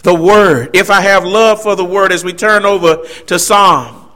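A man's voice: sits high, unhurried, sharp tone. A man preaching a sermon, emphatic, with rising and falling delivery and asides to the congregation.

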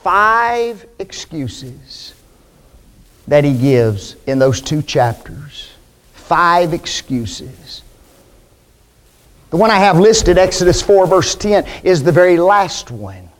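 A man's voice: fairly high pitch, very animated, measured pace, few pauses. A man preaching a sermon, emphatic, with rhetorical questions to the congregation.

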